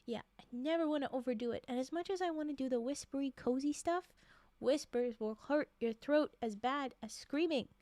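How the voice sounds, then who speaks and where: A woman streamer chatting casually with her viewers, soft-spoken and rambling, with lots of fillers and laughs. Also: high voice, fairly quick, no echo. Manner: soft-spoken, drifting into quiet murmurs.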